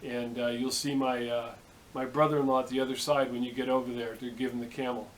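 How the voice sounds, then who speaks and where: Camel dealer, told by a man, plain matter-of-fact pitch, slight hiss on the track. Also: level tone, brisk, natural voice, rough recording.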